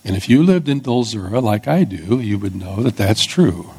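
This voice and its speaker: A pastor preaching an expository sermon in a conversational teaching manner, with small restarts. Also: male voice, on the low side, animated, moderate pace, darkish tone, breathy edge.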